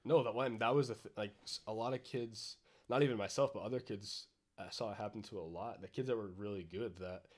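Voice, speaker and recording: A man's voice: lowish voice, steady tone. A young man, a former college ballplayer, talking casually as a podcast guest with lots of fillers. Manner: fast, filler-heavy, says like constantly. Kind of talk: casual chat.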